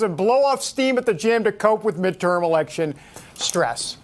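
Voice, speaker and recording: A man's voice: high voice, lively intonation, moderate pace. A man hosting a talk show, giving sarcastic, incredulous commentary. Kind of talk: opinion commentary.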